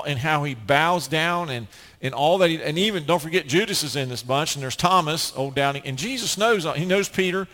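A man's voice: on the high side, a bit bright, in a large hall. A man preaching a sermon as pastor, earnest and emphatic, often restarting his phrases.

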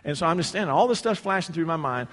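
A man preaching a sermon, telling a personal story with humor and sudden loud shouted quotes. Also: a little high, lively intonation, fast talker, big-room sound.

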